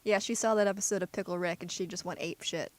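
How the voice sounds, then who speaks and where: A woman's voice: on the low side, fairly even intonation. Teasing woman on a podcast. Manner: teasing, quick quips. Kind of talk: casual podcast chat.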